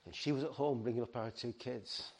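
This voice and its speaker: A man's voice: medium pitch, fairly even intonation, darkish tone, slightly rough. Earnest man preaching a sermon. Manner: earnest, halting with restarts, pleading. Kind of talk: sermon to a ministry team.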